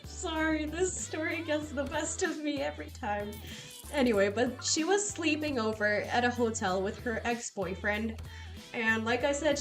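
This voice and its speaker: Chatty young woman telling stories on stream. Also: on the high side. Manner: animated storyteller, swears casually. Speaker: casino streamer. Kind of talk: casual chat with live viewers.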